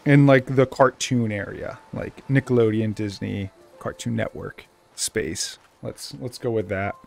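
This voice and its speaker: A man's voice: on the low side, a little slow, vocal fry, faint music behind. Chatty young man with Boston accent. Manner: rambling and chatty, with bursts of excitement. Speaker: gaming channel host. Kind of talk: casual let's play commentary.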